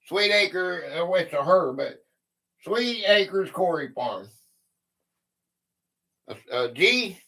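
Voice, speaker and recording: Man, livestream host, high voice, unhurried, chatty. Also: expressive, pushed and bright. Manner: chatty, greets viewers by name, thinks aloud. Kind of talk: casual livestream chat.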